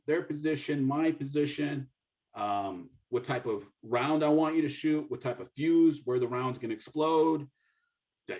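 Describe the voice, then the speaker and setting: Middle-aged man telling an animated story. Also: medium pitch. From United States. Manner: animated, acts out dialogue, frequent restarts. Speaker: guest speaker, military officer. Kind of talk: storytelling talk.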